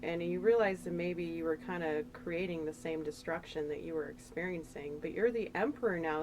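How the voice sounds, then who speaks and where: A woman's voice: on the low side, rough recording. A woman giving a casual, chatty tarot reading, rambling and emotional as she talks through the cards. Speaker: tarot reader.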